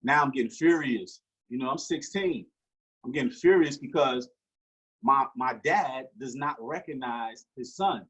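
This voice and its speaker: Husky-voiced man telling a story. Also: mid-range voice, unhurried, rough recording. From Newark, New Jersey. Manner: animated storyteller acting out quoted dialogue. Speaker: guest. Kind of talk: storytelling in an interview.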